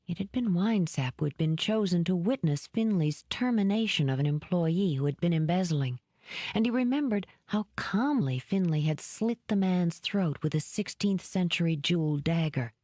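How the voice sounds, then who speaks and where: Low-voiced woman reading a novel aloud. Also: animated, moderate pace, mellow, no room sound. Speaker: audiobook narrator. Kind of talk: scripted narration.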